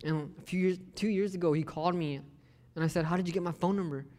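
A man's voice: sits high, fairly even intonation, fast, a little mellow. Young man preaching in a reverberant hall. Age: young adult. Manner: conversational, joking asides, acts out family quotes. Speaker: lay preacher. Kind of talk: casual sermon talk with scripture.

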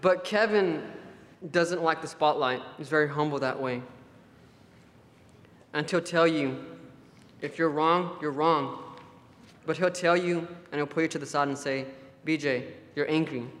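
A man's voice: a little high, unhurried, pauses often, fairly bright tone. A man giving a conversational sermon at a church camp, telling affectionate stories before turning to scripture. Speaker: preacher. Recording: long hall reverb.

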